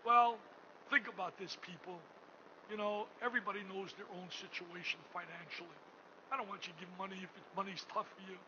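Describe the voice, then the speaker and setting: An older man giving an emotional fundraising speech as gala host in a hotel ballroom. He booms out some lines and drops to a hush on others. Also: steady tone, brisk. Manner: booming, swings between shouting and hushed tones. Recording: muffled recording with room noise.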